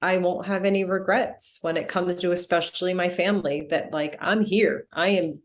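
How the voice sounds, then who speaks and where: A woman's voice: on the low side, fairly even intonation, normal speed. Woman, 40s, podcast guest, earnest, reflective, candid. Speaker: death doula guest.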